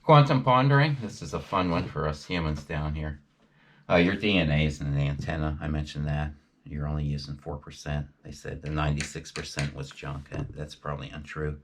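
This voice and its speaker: Super deep guy rambling on, lots of ums and restarts. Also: flat delivery, a little hiss or hum. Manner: halting, many fillers and restarts. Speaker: video host. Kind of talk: rambling casual monologue.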